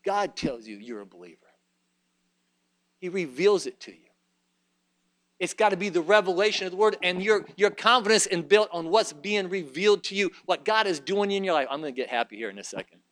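Preacher, man, sermon, high voice, bright tone, church sanctuary, swings from shouting to quiet asides. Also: lively intonation, brisk. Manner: rises to shouted fervor, then drops low and conversational.

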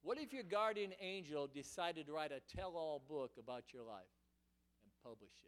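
A man's voice: fairly high pitch, lively intonation, moderate pace, fairly bright tone. A man preaching a fervent sermon in church, often repeating and restarting his words as he presses his point. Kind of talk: impassioned sermon.

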